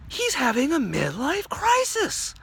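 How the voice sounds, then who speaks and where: Guy doing a freaked out cop, high and urgent. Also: wildly swooping pitch, unhurried, a bit bright, heavily acted. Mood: alarmed. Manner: urgent, raised voice. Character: alarmed male police officer.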